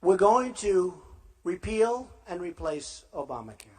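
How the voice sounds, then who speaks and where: A man's voice: high-pitched, big pitch swings, a little slow, very noisy. A man running for president gives a rambling, boastful campaign rally speech to a live crowd and repeats himself often. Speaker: presidential candidate.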